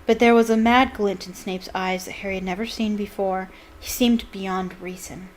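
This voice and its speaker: Expressive woman reading a novel aloud. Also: medium pitch, moderate pace, slight background noise. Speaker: book reader and channel host.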